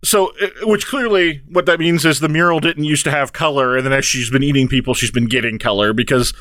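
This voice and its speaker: A man's voice: mid-range voice, fairly quick, fairly bright tone, dry recording. A man in casual chat, explaining game plot details with an analytical manner. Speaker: podcast co-host.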